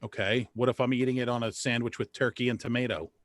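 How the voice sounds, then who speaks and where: A man's voice: medium pitch, fairly even intonation, quick pace, no echo, clean studio sound. A man hosting a casual talk show, blunt and profane, often restarting his words. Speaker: podcast host. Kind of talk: casual chat.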